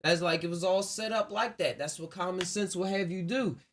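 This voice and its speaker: A man's voice: high voice, moderate pace, a little hiss or hum. A man hosting his own podcast live, talking casually in a loose, rambling, reflective way with frequent laughs. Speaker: podcast host. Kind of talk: casual solo livestream podcast talk.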